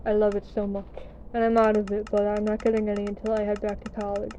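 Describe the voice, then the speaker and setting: A woman's voice: mid-range voice, monotone, fast, noisy background. A young American woman telling a story in a casual, chatty, self-deprecating way, swearing now and then. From United States. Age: young adult. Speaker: gaming vlogger. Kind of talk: casual storytelling over gameplay.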